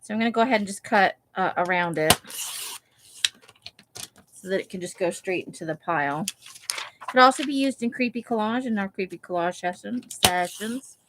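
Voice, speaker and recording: A woman's voice: mid-range voice, moderate pace, pauses often, noisy background. A woman hosting a live craft session, chatting casually and thinking aloud while she cuts pictures from magazines. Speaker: craft livestream host. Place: home craft room, Las Vegas.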